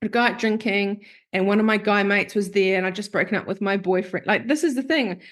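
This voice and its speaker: A woman who is both a therapist and a podcast host speaks at a fairly quick pace in a medium-pitched voice. Her candid conversation takes an open, confessional storytelling form, acting out quotes she remembers.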